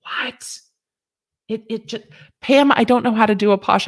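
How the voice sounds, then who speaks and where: A woman's voice: on the high side, measured pace. A woman hosting a casual livestream about a legal case, chatty and sassy with joking asides. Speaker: legal commentary host.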